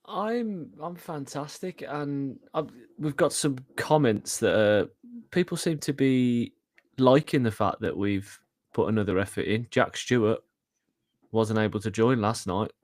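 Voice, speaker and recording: A man's voice: medium pitch, measured pace, no echo. A man with a Birmingham accent, co-hosting a podcast and chatting with upbeat enthusiasm. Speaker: podcast co-host. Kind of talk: casual chat.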